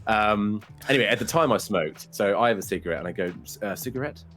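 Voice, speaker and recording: A man's voice: fairly low pitch, animated, fast, fairly bright tone, soft background music. A man and guest on the show, telling a long, funny story in a casual way, swearing freely and laughing as he goes. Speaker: guest, streamer.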